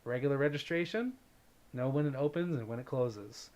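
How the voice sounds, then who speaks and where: A man's voice: mid-range voice, fairly quick, darkish tone. A man hosting a casual livestream, chatting and reading viewer comments aloud in an upbeat way, greeting viewers by name. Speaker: livestream host.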